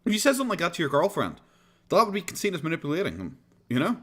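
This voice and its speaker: A man with an Irish accent commenting casually on a reaction stream, sarcastic and animated, swearing freely. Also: a little high, rapid-fire, slight background noise.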